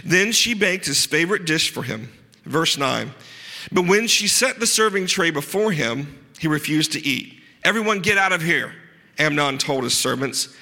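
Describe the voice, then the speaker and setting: This male pastor's sermon comes in a fairly high, bright, forceful, gravelly voice that is expressive and earnest, with dry asides worked in. Key words get pressed by slowing down. The sound rings with long reverb, like a big hall.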